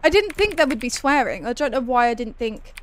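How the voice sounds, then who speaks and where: A woman giving excitable, chatty gameplay commentary while playing a horror game. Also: on the high side, fairly quick, noisy background. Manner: excitable, chatty, laughs often. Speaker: game streamer.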